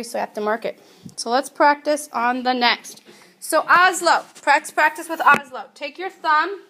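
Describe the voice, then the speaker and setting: A woman teaching a Spanish grammar lesson in a chatty, patient way. She draws out her example words slowly. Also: high-pitched, bright, forceful tone. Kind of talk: recorded classroom grammar lesson.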